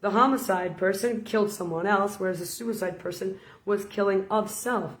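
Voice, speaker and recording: A woman's voice: mid-range voice, moderate pace. Brief: woman preacher, casual storytelling sermon, playful delivery; roomy, echoey recording. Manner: storytelling, playful, laughs between points. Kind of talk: informal sermon vlog.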